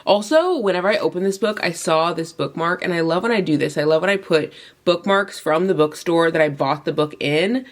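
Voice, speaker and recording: A woman's voice: on the low side, a little fast. A young woman vlogging casually from bed early in the morning, sleepy and yawning, with a runny nose, talking in a chatty way full of "like"s. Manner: chatty, filler-heavy, many "like"s and restarts. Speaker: book vlogger. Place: bedroom, lying in bed.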